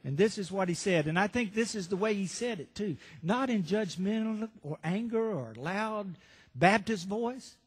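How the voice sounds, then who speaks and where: High-voiced preacher in a reverberant church. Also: male voice, animated, normal speed, slightly rough. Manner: storytelling, rhetorical questions to the congregation. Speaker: pastor. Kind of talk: sermon. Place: church sanctuary.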